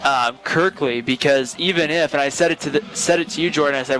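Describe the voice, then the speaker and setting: Man, baseball color commentator, chatty rambling analysis, slightly high voice, broadcast booth. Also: brisk, few pauses, a bit bright, slight background noise, poor audio. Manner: conversational, rambling analysis with restarts.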